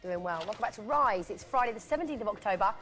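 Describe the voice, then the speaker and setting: An English woman co-hosting live breakfast television, presenting brightly and briskly. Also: medium pitch, animated, over music. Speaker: breakfast TV co-host.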